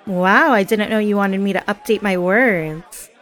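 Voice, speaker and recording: A woman's voice: medium pitch, measured pace, fairly bright tone, natural voice. A woman playing a chatty, giggly party girl. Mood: teasing. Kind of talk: scripted audio role-play.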